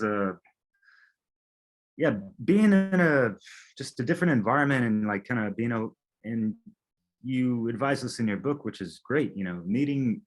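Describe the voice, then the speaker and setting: A man interviewing an old friend in casual chat, hesitant, with many fillers and trailing thoughts. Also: mid-range voice.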